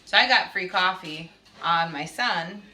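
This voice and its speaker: A woman's voice: lowish voice, measured pace, pushed and bright. A woman, a mother, chatting casually as she tells a family story and acts out what others said. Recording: echoey room, voice from a distance, faint noise.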